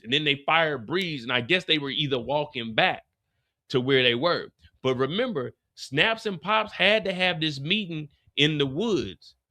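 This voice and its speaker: Animated man recapping a TV episode. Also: fairly high pitch. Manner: animated storyteller, acts out characters' lines. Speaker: host of a TV after show.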